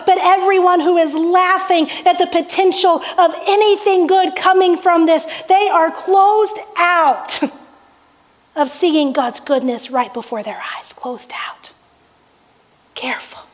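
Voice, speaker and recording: A woman pastor preaching a sermon, telling the story with rhetorical questions and soft laughs. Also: very high-pitched, steady tone, takes it slowly. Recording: echoey hall reverb.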